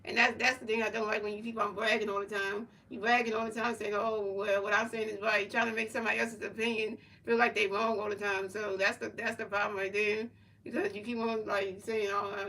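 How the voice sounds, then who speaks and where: A woman's voice: mid-range voice, bright, forceful tone, distant mic, rough recording. A woman streamer in casual chat, rambling and repeating herself as she answers her chat. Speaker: livestreamer.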